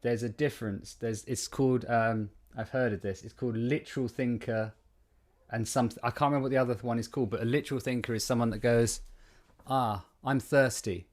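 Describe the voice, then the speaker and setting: Brief: male podcast co-host, quick animated storyteller, mid-range voice. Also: medium pitch. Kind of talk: casual chat. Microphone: studio condenser mic.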